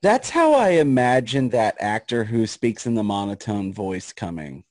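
A man's voice: on the low side, sing-song, moderate pace, no room sound, studio quality. A man co-hosting a podcast in casual chat, teasing the others and laughing often. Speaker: podcast co-host.

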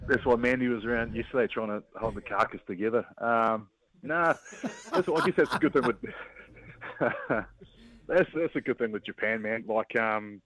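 A New Zealand man in his thirties, a rugby player being interviewed by phone, talking in a relaxed, halting way with many restarts. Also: mid-range voice. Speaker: guest, professional rugby player. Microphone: phone line. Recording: dull, dry phone line.

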